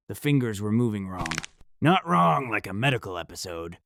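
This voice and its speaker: A man with a low, fairly bright voice reads a scripted first-person horror story. His delivery is dramatic and measured, and the recording is dry and close, with no room sound.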